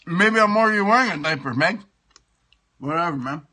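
A man's voice: high voice, lively intonation, fairly quick, sharp tone. A middle-aged man, hosting a comic sports show and ranting with lots of swearing while he eats. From Toronto, Canada. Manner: profane, ranting, repeats himself; talks while eating pie. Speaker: show host.

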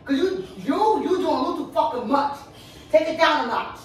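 A high-pitched woman scolds her partner in a heated, profane rush, cutting him off again and again. She sounds well away from the mic, with the living room ringing around her voice. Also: lively intonation, normal speed, slight background noise. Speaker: vlogger girlfriend. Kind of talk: casual couple prank video. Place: home living room, on a couch. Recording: roomy echo, distant mic.

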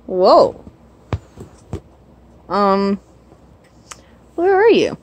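A woman chats to her pets in swooping baby talk, her pitch leaping all over the place. She takes her time, unhurried and teasing. It has the easy feel of casual home footage. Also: sing-song, muffled recording, a little hiss or hum. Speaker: pet owner filming her animals.

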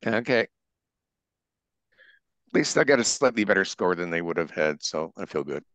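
A man's voice: deep voice, sing-song, normal speed, a bit bright, dry recording. An older man running through the answers of his trivia round in a casual, wry and punning way. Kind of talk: casual quiz answer run-through with puns.

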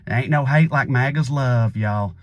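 A man's voice: mid-range voice, normal speed, dry recording, muffled recording. A man delivers a punchy, sardonic comedy monologue in a folksy drawl. His voice sits mid-range, and the close mic gives a dry, intimate sound. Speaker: comedian host.

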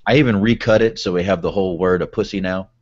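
A man's voice: deep voice, fast, a little mellow. A man co-hosting a podcast, teasing his partner with short banter replies. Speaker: podcast co-host. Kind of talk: casual chat. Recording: dull lo-fi podcast audio.

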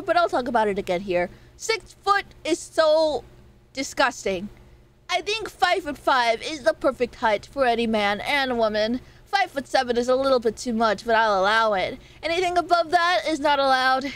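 A woman's voice: high voice, big pitch swings, a little fast. A woman streamer chatting with her viewers in a playful, teasing way, often breaking into laughs. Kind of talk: casual live-stream chat.

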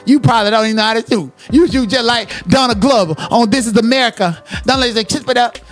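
A man's voice: very high voice, fast, soft background music. A man hosting a livestream, cursing and trash-talking someone in a confrontational rant. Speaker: livestream commentator.

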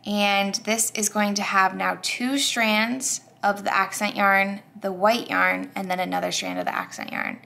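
A woman walks through a crochet project step by step, chatty and upbeat, thinking aloud as she works. Her voice sits at a middling pitch with a noticeable gravelly fry. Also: level tone, unhurried, hardly any pauses, sharp tone. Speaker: crochet tutorial host. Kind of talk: step-by-step craft tutorial.

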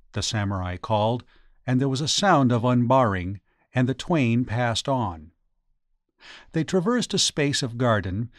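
A man narrates a ghost story audiobook in a measured storytelling manner, reading scripted narration. His voice is mid-range, captured as a dry recording with clean studio sound.

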